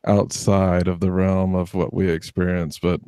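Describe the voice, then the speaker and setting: Man, very low voice, mellow, dry close sound, measured, casual discussion. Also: little pitch movement, smooth, no room sound. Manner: measured, qualifying his claims. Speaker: book club participant.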